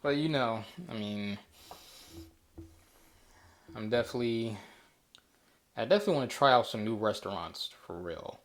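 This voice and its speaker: A man's voice: fairly low pitch, lively intonation, moderate pace, long pauses. A man hosting a casual solo talk show, rambling easily with frequent restarts and fillers. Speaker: podcast host.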